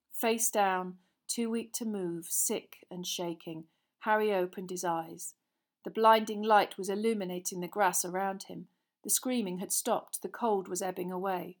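Woman reading a tense fantasy story. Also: medium pitch. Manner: tense, expressive reading that builds suspense. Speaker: audiobook reader. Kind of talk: dramatic storybook narration.

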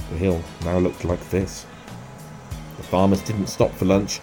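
A man with a deep, low voice reads a children's story aloud, calm and measured from line to line. Soft music plays faintly underneath. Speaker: narrator.

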